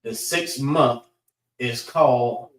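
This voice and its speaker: A man teaching a class, slowly sounding out letters and checking in with the group as he goes. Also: mid-range voice, distant mic. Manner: slow and deliberate, sounding out letters, frequent "all right" checks. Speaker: class instructor. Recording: roomy echo.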